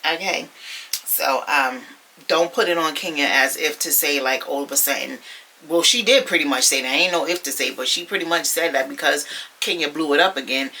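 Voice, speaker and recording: A woman's voice: sits low, sharp tone. A woman casually recapping a reality TV episode, chatty and sassy, talking straight to her viewers.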